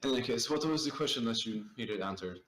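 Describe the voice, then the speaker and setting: A man at a tabletop role-playing game, speaking stiffly and formally in character and joking between turns. His voice is middle-pitched. The room adds a clear echo. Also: expressive, fast, a bit bright. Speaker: player. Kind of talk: tabletop role-play chat. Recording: echoey room.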